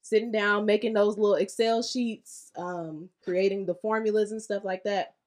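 A woman's voice: medium pitch, fairly even intonation, normal speed, a little mellow. A woman co-hosting a casual podcast chat, speaking candidly and thoughtfully with easy laughter. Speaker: podcast co-host.

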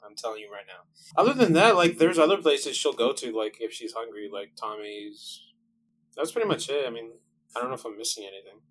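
A man's voice: medium pitch, expressive, fairly quick, rough recording. A man guest in casual podcast chat, rambling and laughing often.

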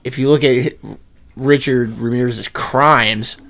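A man's voice: mid-range voice, steady tone, slow pace, fairly bright tone. A man co-hosting a podcast in a casual, profane, rambling way, laughing often. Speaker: podcast co-host.

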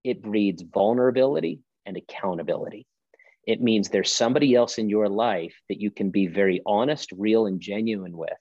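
Brief: male pastor guest, low voice, emphatic preaching cadence, dull lo-fi sound. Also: normal speed, a little mellow, dry recording. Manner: emphatic, preacherly, rhetorical questions. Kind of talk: podcast conversation.

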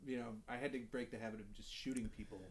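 A man hosting a podcast, trading deadpan one-liners in casual joking chat and laughing at his own jokes. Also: mid-range voice, quick pace. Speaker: podcast host. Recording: poor sound quality.

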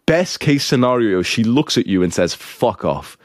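A man's voice: medium pitch, expressive, moderate pace, no echo, studio quality. A young man giving blunt, profane dating advice in a lecturing, scolding manner.

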